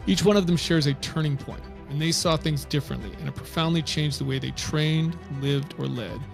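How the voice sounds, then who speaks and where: A man's voice: on the high side, a little fast, creaky, soft background music. A man hosting a podcast, introducing the episode and asking conversational, probing questions. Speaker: podcast host.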